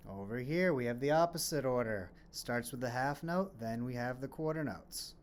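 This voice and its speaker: A man's voice: mid-range voice, moderate pace, clean tone. A man teaching a children's music lesson on rhythms, explaining patiently, asking questions and then answering them, and chanting rhythm syllables as he claps.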